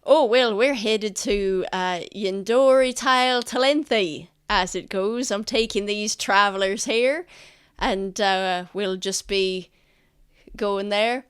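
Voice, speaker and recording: A woman's voice: medium pitch, takes it slowly, smooth, dry recording, clean studio sound, lightly acted. Woman doing a flustered merchant man. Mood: chatty. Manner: rambling, hesitant, filled with uh and um. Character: chatty male merchant cart driver, nervous.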